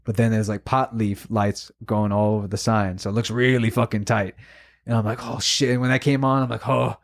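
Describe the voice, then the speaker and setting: A man co-hosting a podcast, telling a story in casual chat, emotional and animated, swearing a lot. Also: fairly low pitch, brisk. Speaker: podcast co-host.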